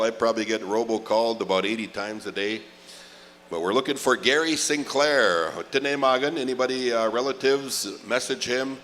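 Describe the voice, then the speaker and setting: A man's voice: medium pitch, a bit bright, a little hiss or hum. A middle-aged man, emceeing a powwow in a chatty, joking way and drawing out the names he calls. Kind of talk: live event announcing. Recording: reverberant arena PA sound.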